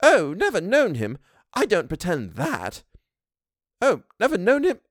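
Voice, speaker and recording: A man's voice: wildly swooping pitch, no echo, studio quality, full character voice. A man doing a tearful old housekeeper woman. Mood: bold. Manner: high, soft, emotional voice, often slowed. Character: older female housekeeper, simple, tender-hearted, tearful. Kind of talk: audiobook reading of a classic story.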